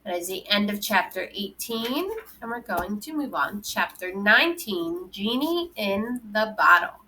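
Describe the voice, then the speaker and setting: Woman reader, children's novel, bright clear voice, steady narration. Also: medium pitch, measured pace, slight background noise, poor audio. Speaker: audiobook reader. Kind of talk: reading a children's novel aloud.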